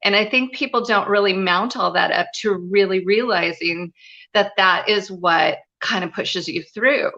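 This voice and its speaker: Earnest bright-voiced woman storyteller. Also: medium pitch, unhurried, highs cut off. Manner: earnest, confiding, frequent "you know" fillers. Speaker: guest, spiritual and business mentor. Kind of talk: personal storytelling in a live interview.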